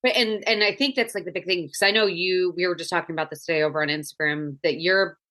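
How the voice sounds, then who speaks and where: A woman in her thirties hosting a podcast, chatting casually and telling stories with quick laughs. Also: lowish voice, fairly even intonation, pushed and bright. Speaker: podcast host.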